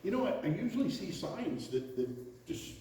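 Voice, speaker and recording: Man playing hesitant, animated bachelor fisherman; far-off mic in a reverberant hall. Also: high voice, normal speed. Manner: animated, hesitant with fillers and restarts. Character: chatty male fishing buddy, a bachelor. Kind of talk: stage play acting. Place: theater stage. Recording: echoey hall, far from mic, faint noise.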